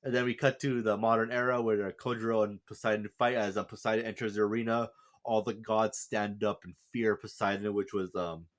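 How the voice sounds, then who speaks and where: Man, lowish voice, casual anime review, rambling, lots of fillers. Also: little pitch movement, a little fast. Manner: rambling, heavy on fillers and restarts. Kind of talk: casual plot recap and character review.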